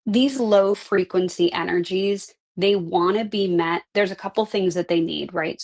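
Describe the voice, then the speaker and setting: Woman, middle-aged, life coach, lowish voice, earnest conversational teaching. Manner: earnest, conversational, frequent "right?" tags. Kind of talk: live online class talk.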